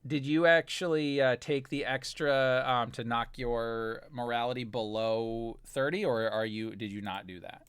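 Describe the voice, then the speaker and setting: A man's voice: mid-range voice, steady tone, unhurried, few pauses, fairly bright tone, clear, resonant tone, no echo. A man narrating a tabletop role-playing game as game master, talking in a loose, rambling way full of fillers.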